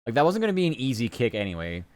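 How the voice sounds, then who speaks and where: A man's voice: mid-range voice, very animated, rapid-fire, dry recording. A man streaming, chatting casually and rambling loosely, with the odd swear word. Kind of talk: casual live-stream chat.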